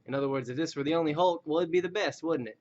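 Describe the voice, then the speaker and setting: A man's voice: a little high, very fast, darkish tone. A man rambling casually through a webcam video reviewing toys, self-deprecating and slipping into joke voices. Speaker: action figure collector reviewing toys. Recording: dull lo-fi recording.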